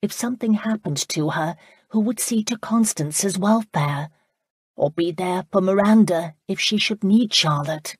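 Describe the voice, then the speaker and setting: A woman reading a historical romance audiobook in calm, even scripted narration. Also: mid-range voice, unhurried, slightly rough, no room sound, clean studio sound.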